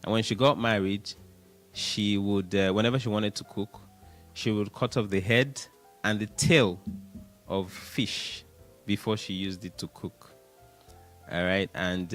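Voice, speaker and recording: Man hosting a radio show. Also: lowish voice. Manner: chatty, animated, laughs, counts aloud. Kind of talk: casual radio talk. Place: radio studio.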